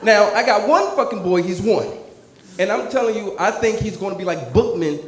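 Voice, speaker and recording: A man in his thirties from New Jersey doing stand-up, telling stories in a profane, animated way. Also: high voice, moderate pace, roomy sound. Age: 30s. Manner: profane, animated storytelling, many filler restarts. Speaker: stand-up comedian. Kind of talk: stand-up comedy storytelling.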